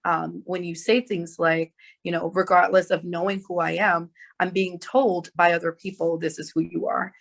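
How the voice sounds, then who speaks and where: A moderator thanking the panel and summarizing their points in a measured way before moving on. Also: mid-range voice, flat delivery, creaky, a bit bright.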